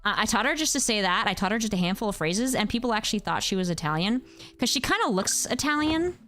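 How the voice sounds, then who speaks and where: A woman in her thirties from the United States, chatting casually with her viewers while she plays a game, with animated exclamations. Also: mid-range voice, fast. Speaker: game streamer. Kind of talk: casual chat while gaming.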